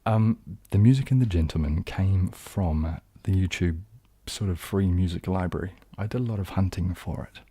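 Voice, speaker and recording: A man's voice: sits low, moderate pace, hardly any pauses, dark tone, breathy edge, dry recording. A young man from New Zealand with a New Zealand accent that leans southern English, chatting casually on a live stream, rambling and self-deprecating with many ums and restarts. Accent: New Zealand, leaning southern English. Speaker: ASMR streamer hosting a live chat.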